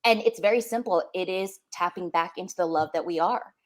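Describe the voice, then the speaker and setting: A woman's voice: fairly low pitch, brisk, a little hiss or hum. A young woman co-hosting a spiritual podcast, talking earnestly and emotionally, often repeating words for emphasis. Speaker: podcast co-host. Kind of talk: heartfelt spiritual podcast chat.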